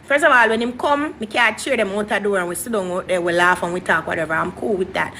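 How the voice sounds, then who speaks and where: A young woman, a guest telling her story in an interview in an animated, dramatic way. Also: medium pitch, quick pace, slight background noise. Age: young adult.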